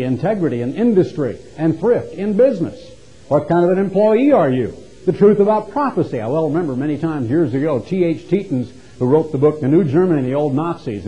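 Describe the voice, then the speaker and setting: A man preaching a sermon, emphatic and full of rhetorical questions, swinging from hushed to loud. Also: mid-range voice, rough recording.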